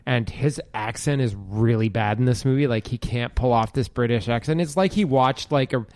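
A man's voice: mid-range voice, normal speed, darkish tone, dry recording. Rambling man chatting about movies. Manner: rambling, filler-heavy, swears casually. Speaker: podcast host. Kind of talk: casual movie chat.

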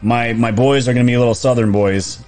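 A man's voice: medium pitch, fairly even intonation, a little fast, darkish tone, soft background music. A man, chatting casually on a live stream, reading viewer comments, laughing often and restarting his sentences. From New York.

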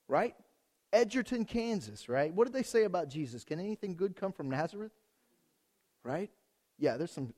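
A male pastor delivers a loose, conversational sermon with a slightly raised pitch. He speaks straight to the congregation with plenty of energy, doubling back on words and restarting phrases as he goes. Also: a little mellow, husky. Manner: addresses the congregation directly.

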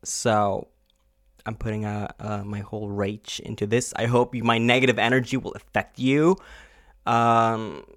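A man podcasting from home in a rambling, unedited monologue, frustrated and swearing often, with halting pauses and fillers. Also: mid-range voice, fairly bright tone, no echo, clean studio sound.

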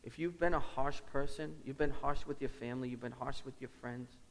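A man preaching a sermon in a church, earnest and personal, often repeating his key lines for weight. His voice sits at an ordinary middle pitch and carries a long reverb from the sanctuary. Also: fairly quick, creaky. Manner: earnest, storytelling with repeated phrases. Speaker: lead pastor.

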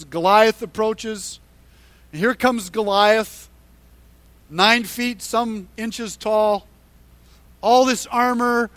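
Man, very high-pitched voice, sermon, animated storytelling, emphatic repetition, dry close sound. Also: no room sound. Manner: animated Bible storytelling with acted-out quotes; emphatic, repeats points for stress. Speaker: pastor.

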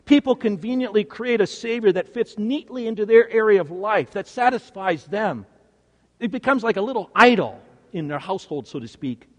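Brief: male preacher, high expressive voice, dramatic sermon storytelling. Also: normal speed, in a large hall. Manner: dramatic storytelling, swings from hushed to emphatic.

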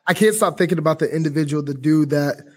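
A man's voice: on the high side, fast, a little hiss or hum. Affirming male podcast host. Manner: warm affirming reactions, says "man" often. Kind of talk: casual interview chat.

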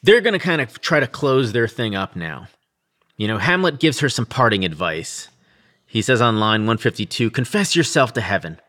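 A man's voice: mid-range voice, lively intonation, normal speed, a bit bright. A man co-hosting a casual podcast, explaining scenes and reading verse aloud in between. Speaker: podcast co-host. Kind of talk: casual literary discussion.

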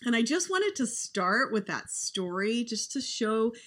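A woman's voice: fairly high pitch, sing-song, measured pace, fairly bright tone. Earnest woman telling a heartfelt story. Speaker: podcast guest. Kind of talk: conversational storytelling.

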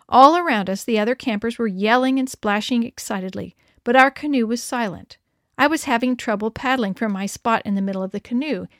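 A woman's voice: fairly high pitch, no room sound, clean studio sound. A woman narrating a children's story, reading expressively. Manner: expressive, lively dialogue. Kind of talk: storybook read-aloud.

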